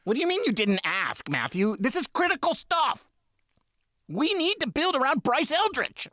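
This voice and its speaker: Animated man bantering on a dry mic. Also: extremely high pitch, moderate pace, dry recording. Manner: exasperated, rambling banter. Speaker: podcast co-host. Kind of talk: comedic podcast chat.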